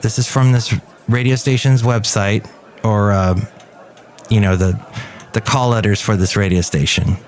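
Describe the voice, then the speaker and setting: With a lowish voice, fairly even intonation and a slightly slow pace, this middle-aged US man hosts a podcast and shares a personal story. He rambles casually, restarting sentences and acting out quotes.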